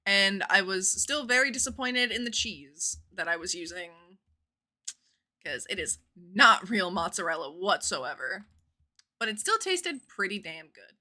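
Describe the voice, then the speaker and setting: A woman streaming a game live, chatting casually with viewers in a bubbly, animated way and swearing freely. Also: mid-range voice, a little slow. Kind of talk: casual live-stream chat while gaming.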